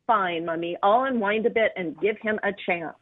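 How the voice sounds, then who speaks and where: A woman reading a storybook aloud, voicing a grumpy male monster with a gruff, grumbling manner. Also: medium pitch, moderate pace, natural voice. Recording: tinny phone-like line.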